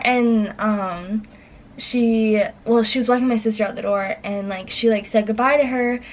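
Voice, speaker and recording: A woman telling a personal story in casual chat, rambling with lots of fillers and acting out her past lines in a higher voice. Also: brisk, low-quality recording. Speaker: guest storyteller.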